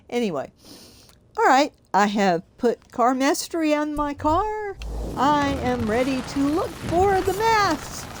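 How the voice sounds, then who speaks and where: Older lady streaming a car game, slow talker, bouncy voice that jumps all over, keeps giggling. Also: high voice, lively intonation, background noise. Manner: chatty, giggles often. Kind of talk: casual live-stream commentary.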